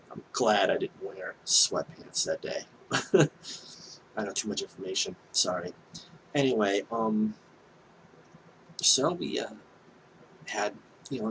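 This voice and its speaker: A man with a fairly low voice tells a story from his own life in a loose, rambling way. He talks candidly and keeps breaking off for asides and apologies. Faint noise sits behind him. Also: moderate pace, bright, forceful tone, rough recording. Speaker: vlogger telling a personal story. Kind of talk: casual storytelling monologue.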